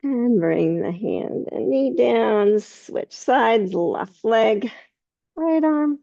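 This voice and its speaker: A woman teaching a yoga class, giving slow, calm cues with soft laughs between poses. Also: on the high side, creaky, no room sound, lo-fi sound. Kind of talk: guided yoga class instruction.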